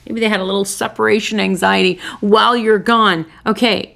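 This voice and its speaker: Animated woman giving relationship advice. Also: moderate pace, vocal fry, hardly any pauses. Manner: lively, bursts into excited high voices when acting out greetings; talks in short punchy repeated phrases. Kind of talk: direct advice talk to camera.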